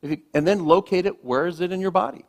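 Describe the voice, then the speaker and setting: Soft-spoken minister preaching gently. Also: male voice, high voice, creaky. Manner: gentle, reflective, with slow emphatic pauses. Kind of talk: sermon. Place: church sanctuary.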